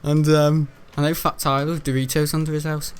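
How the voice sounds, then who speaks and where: British gamer bloke rambling on, keeps chuckling, fairly high voice. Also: male voice, level tone, a little fast, clean tone. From United Kingdom. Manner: rambling, chuckles often, jumps up in pitch when incredulous. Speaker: gaming YouTuber. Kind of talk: casual gaming commentary.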